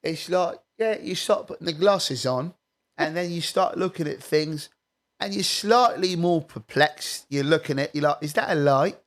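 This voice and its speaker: A man's voice: a little high, a bit bright. A man from Staten Island, a comedian guest telling stories in casual, profane chat. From Staten Island, New York. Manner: profane, rapid storytelling.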